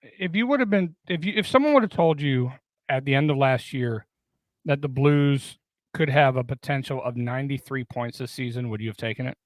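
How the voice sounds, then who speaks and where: A man's voice: medium pitch, lively intonation, brisk, dry recording. A man co-hosting a podcast in casual chat, teasing his friends and restarting his sentences often. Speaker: podcast co-host.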